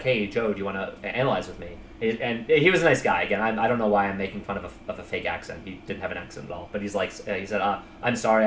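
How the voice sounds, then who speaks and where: A man's voice: fairly low pitch, a bit bright. Man, own voice, casual rambling chess recap, self-mocking, roomy echo, faint noise. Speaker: chess player reviewing his own game. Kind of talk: casual game recap commentary.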